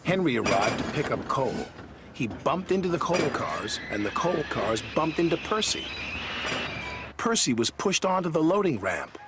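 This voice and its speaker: A man narrating a children's story in an expressive way. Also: a little high, normal speed, very noisy. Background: music.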